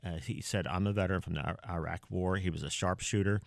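An older man talks earnestly, halting often and restarting his sentences. His voice sits very low with a gravelly edge. The recording is dry and close, with no room sound. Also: steady tone, no room sound. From Pennsylvania. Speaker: interview guest. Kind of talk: conversational storytelling.

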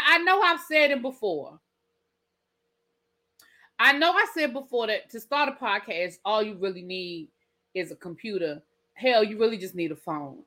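A woman hosting a casual celebrity gossip podcast, talking in an animated, incredulous way with laughing asides. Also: fairly high pitch. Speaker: podcast host.

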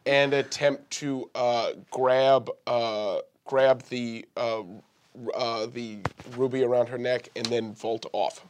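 A man playing in a tabletop game who talks hesitantly and halts often with fillers. He speaks slowly in a mid-range voice. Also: mid-range voice, flat delivery, noisy background. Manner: hesitant, halting, many fillers. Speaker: player.

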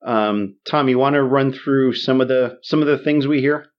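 A man co-hosting a podcast, casually recapping a war film with many restarts and fillers, getting animated as he retells the action. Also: medium pitch, normal speed, dull audio. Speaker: podcast co-host. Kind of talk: casual movie discussion.

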